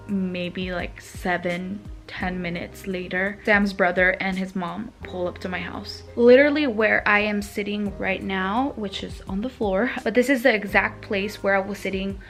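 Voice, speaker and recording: A woman's voice: medium pitch, fairly bright tone. A young woman vlogging from the floor of her home, retelling a frightening experience with many fillers. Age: young adult. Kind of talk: storytime vlog.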